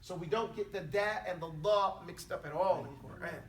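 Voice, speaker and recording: A man's voice: sits high, moderate pace. A man teaching an Arabic class, drilling pronunciation and correcting students bluntly and emphatically. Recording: echoey classroom, mic far off.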